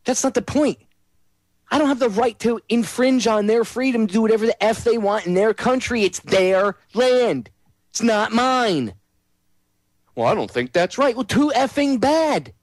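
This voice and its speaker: A man's voice: extremely high pitch, normal speed, dry recording. A man hosting a talk radio show, ranting sarcastically in a monologue.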